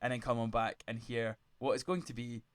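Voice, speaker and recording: A man's voice: medium pitch, flat delivery, fairly quick, smooth. A man hosting a casual podcast chat, arguing his side and cutting in with many restarts. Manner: argumentative, interrupts, many restarts. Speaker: podcast host.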